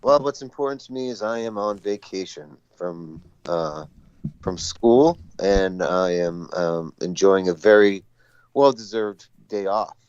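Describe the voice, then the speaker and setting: A man's voice: low voice, measured pace, a little mellow, smooth, muffled recording. A man, a schoolteacher calling in as a guest, chatting casually, rambling and poking fun at himself. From Boston area. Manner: rambling, self-mocking, laughing at his own stories. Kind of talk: casual chat. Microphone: phone call.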